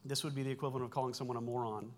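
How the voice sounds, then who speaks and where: A man's voice: mid-range voice, steady tone, very fast. A man in his forties preaching a sermon, explaining Greek words in a conversational way, with self-corrections and wry asides. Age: 40s. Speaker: pastor.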